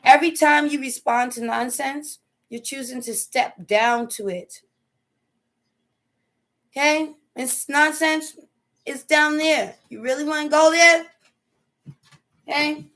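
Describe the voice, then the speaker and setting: A woman with a high, light voice talks straight to her viewers in a casual motivational live stream. She is preachy and emphatic, with loose slangy grammar, and she keeps checking in with "okay?". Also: steady tone, slow pace, pauses often, a bit bright. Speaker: host.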